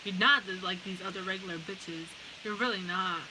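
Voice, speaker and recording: A woman's voice: mid-range voice, a little fast. A woman giving a casual pick-a-card tarot reading. She talks bluntly, swears freely and often breaks into laughter. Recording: steady background hiss.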